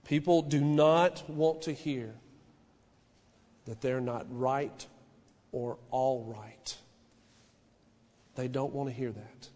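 A male pastor preaching a sermon in a church, shouting some lines and dropping to a hushed warning on others. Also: steady tone, takes it slowly, pauses often, in a large hall. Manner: fervent preaching, swinging from shouted declarations to low hushed warnings. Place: church sanctuary.

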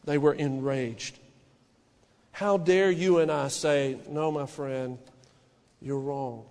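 A male pastor preaching a sermon in a church, shouting some lines and dropping to a hushed warning on others. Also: fairly even intonation, takes it slowly, long reverb tail. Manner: fervent preaching, swinging from shouted declarations to low hushed warnings. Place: church sanctuary.

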